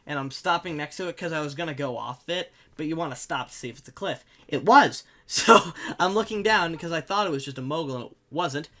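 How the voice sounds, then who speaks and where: Bright-voiced young man telling a comic story. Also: on the high side. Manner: animated, jokey, sudden loud bursts. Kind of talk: comic personal anecdote.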